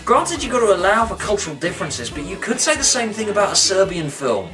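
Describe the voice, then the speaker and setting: A man narrating a comic review with mock-dramatic flair and sudden over-the-top outbursts. His voice is bright and sits a little high. The mic sounds slightly distant, with faint music underneath. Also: big pitch swings, fairly quick, hardly any pauses. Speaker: video reviewer. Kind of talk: comic commentary.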